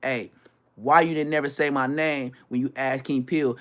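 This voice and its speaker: A man from Florida, a YouTuber, ranting casually with brash, profane talk and quick mimicry of other people. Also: mid-range voice. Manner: animated, brash, swearing, mimics others' voices.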